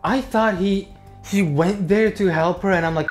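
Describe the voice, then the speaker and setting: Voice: medium pitch, moderate pace, soft background music. A reaction host giving blunt, profane, sarcastic commentary over a clip.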